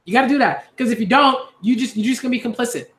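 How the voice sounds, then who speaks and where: A man's voice: extremely high pitch, fast, a bit bright, reverberant. A man speaking earnestly in a casual monologue, repeating himself with many fillers and restarts. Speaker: YouTube commentator.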